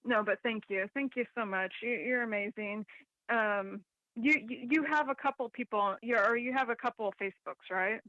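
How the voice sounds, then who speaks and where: A woman's voice: fairly high pitch, moderate pace, sharp tone, no room sound. A woman calling in to a radio show, hesitant and stammering, laughing easily. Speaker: caller. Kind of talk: phoned-in radio chat. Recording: dull call-in line.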